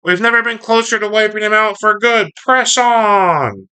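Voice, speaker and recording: A man voicing a scheming male robot jet commander in a high, shrieking voice while reading a comic book aloud. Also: moderate pace, sharp tone, smooth. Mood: commanding. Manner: shrieking, high-pitched taunts.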